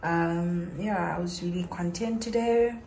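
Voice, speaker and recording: A woman's voice: lowish voice, measured pace. Chatty young woman, echoey room. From South Africa. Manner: chatty, relaxed, laughs easily. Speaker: vlogger. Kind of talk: casual vlog chat to camera. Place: at home at night. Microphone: phone camera. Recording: echoey room with background noise.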